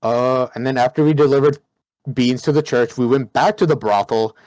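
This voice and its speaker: A man's voice: medium pitch, normal speed, a little mellow. A man in the middle of his range, recapping a tabletop session in a loose, rambling way full of fillers and restarts. His voice is close and dry, with no room echo. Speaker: player. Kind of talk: casual recap of a game session.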